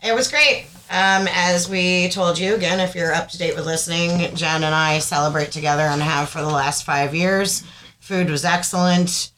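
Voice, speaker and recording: A woman's voice: fairly low pitch, moderate pace, slight background noise, poor audio. A woman co-hosting a casual podcast, telling a story with lots of laughter. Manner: animated storyteller, laughs often. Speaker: podcast co-host. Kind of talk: casual chat.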